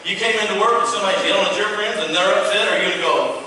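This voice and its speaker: Man, 30s, pastor, sermon, folksy and animated, high voice, big echoey hall, distant mic. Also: rapid-fire, slight background noise. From Texas. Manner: folksy, animated preaching with playful asides and acted-out voices. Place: church hall.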